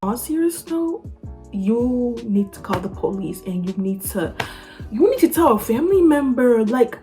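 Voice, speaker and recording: A woman's voice: medium pitch, mellow. A woman reading online confessions aloud and reacting in a casual, incredulous, scolding way. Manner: incredulous, scolding, repeats lines. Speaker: YouTuber reading online stories. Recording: music playing behind voice.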